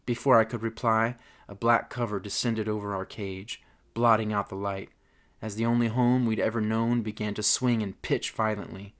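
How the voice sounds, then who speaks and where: A man's voice: fairly low pitch, steady tone, normal speed, fairly bright tone. A man narrating a comic audiobook in a mock-earnest, wry manner.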